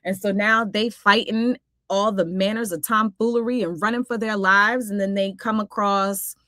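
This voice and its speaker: A woman's voice: mid-range voice, steady tone, moderate pace, pushed and bright, dry recording, studio quality. A woman hosting a casual cartoon recap vlog, talking in a sassy, exclamatory way full of playful asides. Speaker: host.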